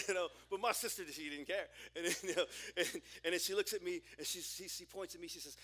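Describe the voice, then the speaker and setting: High, bright-voiced man preaching. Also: fairly quick, hardly any pauses. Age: 40s. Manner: animated storytelling with laughs and restarts. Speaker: pastor. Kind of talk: sermon with personal story.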